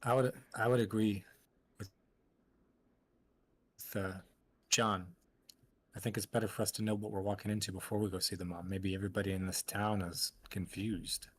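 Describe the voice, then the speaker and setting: A man's voice: lowish voice, flat delivery, normal speed, long pauses, husky. A man playing in a tabletop game, matter-of-fact and practical. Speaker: player.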